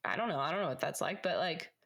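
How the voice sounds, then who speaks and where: A woman's voice: low-pitched, fast, a bit bright. A young woman co-hosting a podcast, musing and asking questions in casual true-crime chat. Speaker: podcast co-host.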